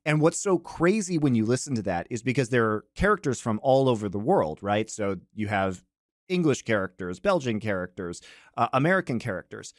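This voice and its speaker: A man's voice: medium pitch, very animated, a little fast, dry recording, studio quality. A man hosting a podcast, chatting casually and explaining with enthusiasm. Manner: enthusiastic, explanatory, many fillers. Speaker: podcast host.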